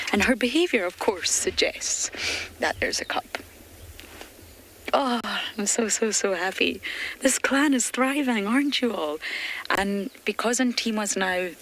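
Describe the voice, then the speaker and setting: A woman giving live safari commentary from a vehicle outdoors, excited and emotional, sometimes dropping to a whisper. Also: medium pitch, moderate pace, a little hiss or hum, rough recording. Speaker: safari guide presenter.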